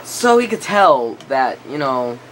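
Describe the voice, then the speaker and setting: A man's voice: mid-range voice, very animated, takes it slowly, fairly bright tone, slight background noise. A teenage boy telling a story to camera in a rambling casual way, full of fillers, his voice breaking and cracking now and then. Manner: rambling, lots of filler and restarts. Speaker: vlogger.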